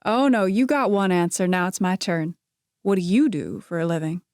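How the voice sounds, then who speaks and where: A charming young man with a droll, teasing way of talking, as a woman narrator voices him. He keeps things light and joking, in a lowish, unhurried voice. The recording is dry and close, with no room sound. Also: darkish tone, no echo, close to an everyday voice.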